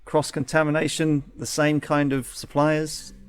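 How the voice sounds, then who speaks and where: A man's voice: on the high side, flat delivery, a little slow, smooth. A man hosting a let's play, reading the game's text aloud and chatting, correcting himself and laughing often.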